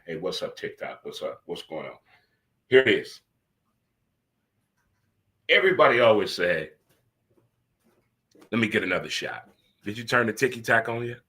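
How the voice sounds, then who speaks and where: A man hosting a casual solo sports talk stream, talking straight to his audience in an animated, repetitive way. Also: on the low side. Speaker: host.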